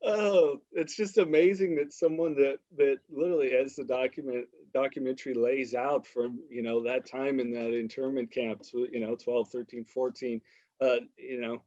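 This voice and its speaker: A man hosting a podcast interview, asking halting questions full of fillers. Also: mid-range voice, a little mellow, no echo. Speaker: podcast host. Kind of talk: casual interview talk. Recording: dry, dull lo-fi sound.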